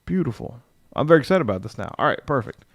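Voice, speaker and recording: A man's voice: medium pitch, sing-song, fast, vocal fry, no echo, clean studio sound. A man chatting casually on a livestream as he builds a game character, thinking aloud, reading rules text and answering his chat.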